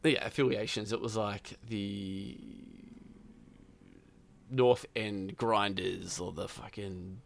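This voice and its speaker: A man's voice: on the low side, fairly even intonation, slow pace, vocal fry. A man chatting casually about a video game, rambling and swearing, with lots of fillers. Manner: rambling, profane, full of fillers.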